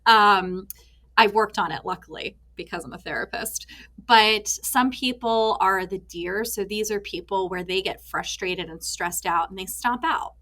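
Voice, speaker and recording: A woman's voice: mid-range voice, normal speed, hardly any pauses. A woman in her thirties, a therapist being interviewed on a podcast, telling stories animatedly and acting out little voices. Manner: animated storyteller, acts out voices in anecdotes. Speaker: therapist and author, guest.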